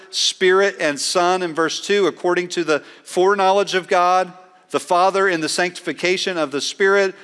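A man preaching a sermon as a pastor, earnest and emphatic, slowing down to stress key words. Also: fairly high pitch, fairly bright tone, in a large hall.

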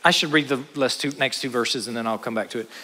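A man preaching a sermon with dynamic delivery, rising to loud exclamations and dropping to hushed asides. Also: mid-range voice, quick pace. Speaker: pastor. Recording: long hall reverb.

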